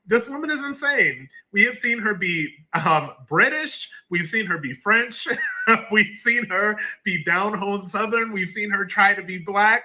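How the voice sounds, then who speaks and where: A male vlogger rants in a bright, high voice. He sounds incredulous and mocking throughout, and he talks to his viewers from a dry room. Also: expressive, normal speed, no echo. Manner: incredulous, mocking, laughs often. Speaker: commentary vlogger. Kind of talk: excited opinion rant.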